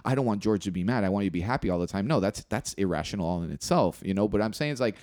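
A man's voice: lowish voice, lively intonation, racing, darkish tone, no echo, studio quality. A man in casual conversation, earnestly explaining things step by step. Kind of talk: casual chat.

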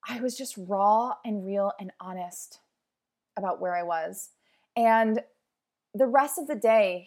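Candid chatty woman podcaster in her thirties. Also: medium pitch. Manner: candid, emotional, chatty with many "like"s. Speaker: podcast host. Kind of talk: casual personal podcast monologue.

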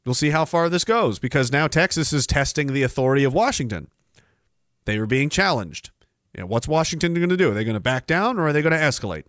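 A man's voice: a little high, animated, fast talker, fairly bright tone, no echo, studio quality. A man hosting a livestream, ranting sarcastically about the news and reading out viewer comments. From Canada. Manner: sarcastic, ranting, swears freely. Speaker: livestream host.

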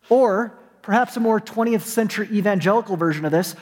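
Man, pastor, sermon, high voice, long hall echo, hushed lows and emphatic rises. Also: fairly quick, hardly any pauses. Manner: storytelling preacher, shifting between soft hushed moments and rising emphatic calls.

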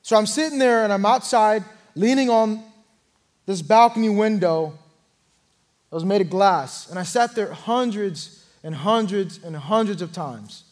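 A young man preaching an earnest sermon testimony, telling his story and swelling louder at key moments. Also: sits high, unhurried.

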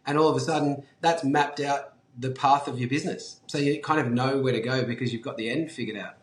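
A man with an Australian accent, a guest telling a story in a casual, animated way, swearing freely and saying "like" and "um" a lot. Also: mid-range voice, a little fast, roomy sound. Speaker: guest, brand founder.

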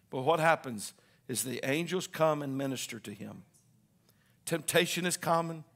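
A man preaching a sermon, calling on the congregation to answer back and rising into shouted lines. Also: on the high side. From Southern Indiana.

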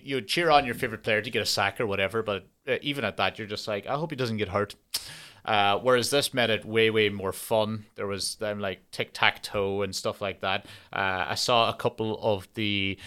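A man's voice: fairly low pitch, sharp tone, smooth. A young man hosting a podcast, chatting casually in a rambling, profane, joking way. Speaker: podcast host. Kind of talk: casual chat.

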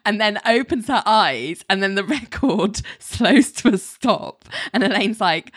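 A woman co-hosting a casual podcast, retelling a TV episode scene by scene as an animated storyteller who laughs often. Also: medium pitch, unhurried, few pauses. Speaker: podcast co-host. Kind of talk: casual chat, episode recap.

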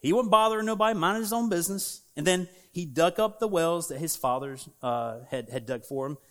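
A young adult man preaching in a casual storytelling way, animated and laughing at himself as he acts out his stories. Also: on the high side, brisk. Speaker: pastor.

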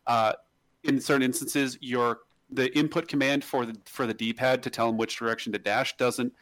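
A man's voice: mid-range voice, steady tone, normal speed, fairly bright tone, no room sound. A man hosting a casual podcast, rambling along with many restarts and fillers. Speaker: podcast host.

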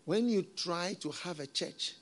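A middle-aged man preaching a sermon as a pastor, talking in a conversational, repetitive way with folksy proverbs and soft chuckles. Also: high-pitched, measured pace.

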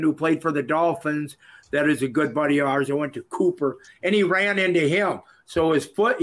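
An older man from Minnesota, a retired wrestler and interview guest, telling jokey rambling stories and doing shouted impressions of people. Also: fairly high pitch. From Minnesota, USA. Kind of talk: storytelling in casual chat.

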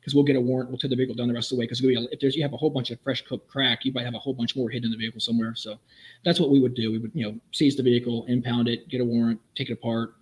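A man's voice: medium pitch, little pitch movement, rough recording. A middle-aged man, a former police officer, tells wry and vivid stories of the job in a conversation. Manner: brisk, vivid, wry storyteller. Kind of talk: anecdotal storytelling in a conversation.

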